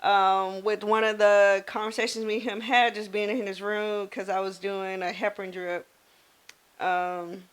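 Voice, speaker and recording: Brief: podcast co-host, woman, nurse, lively storyteller who plays out the dialogue, middle pitch. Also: a little slow, clear, resonant tone. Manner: animated storyteller, acts out quoted voices. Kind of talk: casual storytelling chat.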